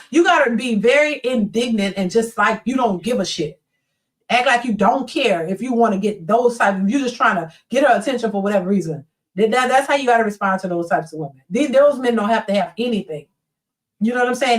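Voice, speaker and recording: A fairly high-voiced woman hosting a live stream, chatting bluntly and with plenty of animation. She sits a little back from the microphone, so her voice comes through somewhat distant. She reads viewer comments aloud and drops into quick imitations of other people. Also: animated. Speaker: live-stream host reading viewer chat.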